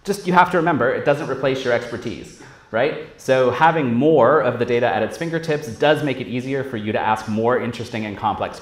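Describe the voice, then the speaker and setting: A man giving a casual, profane conference talk on stage, acting out quoted voices as he goes. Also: medium pitch. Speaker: conference speaker. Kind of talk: live tech conference talk. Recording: roomy hall echo.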